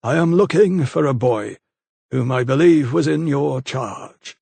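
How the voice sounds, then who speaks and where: A man's voice: mid-range voice, measured pace, creaky, darkish tone, slightly rough, no echo. A man voicing a stiffly formal little notary who is easily affronted. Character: prim, supercilious little male notary.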